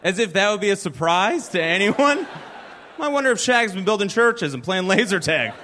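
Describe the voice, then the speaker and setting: A man's voice: sits high, big pitch swings, normal speed, sharp tone, a little hiss or hum. A man doing a stand-up set, telling a story in a self-deprecating, conversational way on a live club stage. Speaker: stand-up comedian.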